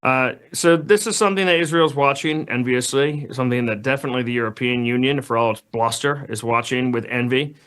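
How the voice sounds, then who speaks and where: A man's voice: medium pitch, brisk, hardly any pauses, fairly bright tone, smooth. A man speaking as a guest commentator, giving opinionated political analysis in a conversational way with frequent restarts. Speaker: news editor guest.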